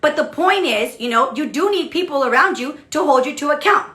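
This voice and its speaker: A woman's voice: high voice, a little fast, roomy sound. A woman who is a leadership coach, talking casually and bluntly on a livestream and often checking in with "okay?" and "right?". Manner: blunt, animated, keeps asking okay and right.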